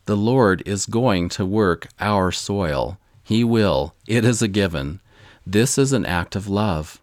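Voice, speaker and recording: A man giving a measured, earnest devotional talk with scripted storytelling. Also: lowish voice, lively intonation, dry recording, studio quality. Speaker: religious speaker.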